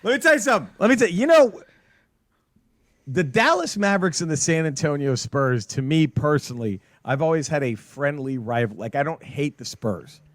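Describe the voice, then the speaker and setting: A man's voice: fairly high pitch, normal speed, no room sound. Guy cohosting a sports podcast, cusses a lot, swings way up and down, dead dry mic. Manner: animated, swearing, laughing, bursts into loud rants. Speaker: podcast co-host. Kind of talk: casual sports chat.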